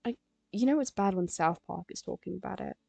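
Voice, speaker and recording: Teenage girl, rambling streamer chat, gravelly edge, dry close sound. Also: medium pitch, fairly quick, dark tone, no echo. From England. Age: teens. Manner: rambling, chatty, frequent fillers. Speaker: live streamer. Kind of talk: casual chat while drawing.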